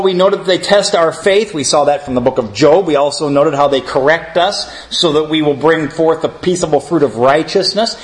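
A man with a somewhat high-pitched voice leads a theology lesson. He speaks earnestly and warmly addresses his class as friends while he teaches. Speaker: Bible teacher. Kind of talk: theology class lecture with opening prayer.

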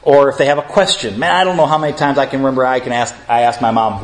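A man's voice: medium pitch, steady tone, fast, few pauses, low-quality recording. A middle-aged man preaching a sermon, telling stories in a conversational way and rising to emphatic lists. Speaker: pastor.

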